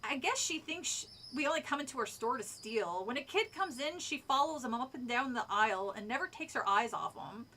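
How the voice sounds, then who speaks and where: A woman streamer reading a spooky kids' book aloud, breaking off to chat and comment in an animated, casual way. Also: high voice, brisk, hardly any pauses, slight background noise.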